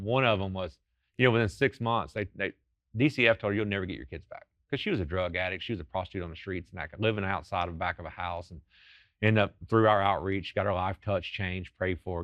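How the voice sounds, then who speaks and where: Speaking as a guest on a TV interview, a ministry founder offers earnest, fervent testimony at a quick clip. He has a low, slightly bright voice, captured as dull audio without any room sound.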